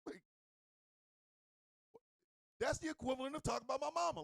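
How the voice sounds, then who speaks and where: A man with a high, gravelly voice rants as a comedy radio host, his pitch swinging wildly from squeals to low grumbles. His delivery is profane, rambling and animated, and the sound is close and dry. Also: a little slow, long pauses, dry recording. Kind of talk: comedic rant.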